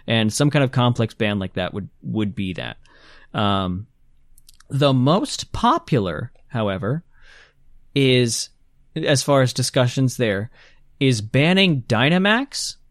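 A man leads a relaxed gaming podcast with eager, long-winded explanations. His mid-pitched voice is recorded dry, with no room sound around it. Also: dry recording. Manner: enthusiastic, explains at length. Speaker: podcast host. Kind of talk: casual gaming podcast chat.

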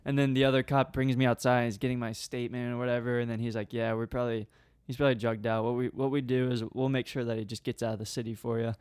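Smooth-voiced young man telling a story. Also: mid-range voice, fast talker, hardly any pauses, no echo, studio quality. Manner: animated anecdote-telling, laughs often. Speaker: podcast co-host. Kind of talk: casual storytelling chat.

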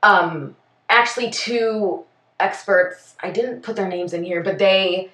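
A woman's voice: medium pitch, slow, fairly bright tone, roomy sound, distant mic. A woman co-hosting a podcast, chatting casually through a case from her notes with plenty of fillers and self-corrections. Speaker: podcast co-host.

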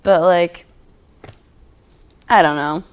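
A man's voice: high voice, steady tone, drawn-out words, smooth, dull audio. A young man, a guest artist, chatting casually on a podcast, laid-back and rambling with lots of fillers. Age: young adult. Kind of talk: casual chat.

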